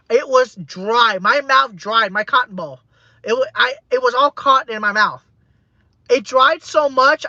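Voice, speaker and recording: Bright-voiced man rambling on. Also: very high voice, no echo, lo-fi sound. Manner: rambling and repetitive. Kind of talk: personal monologue.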